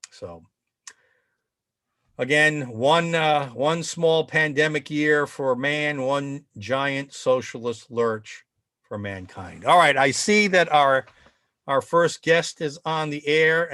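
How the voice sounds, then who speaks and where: A man's voice: mid-range voice, fairly bright tone, no room sound, clean studio sound. A man hosting a political talk show over a video call, opinionated and sarcastic, rambling between points. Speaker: show host.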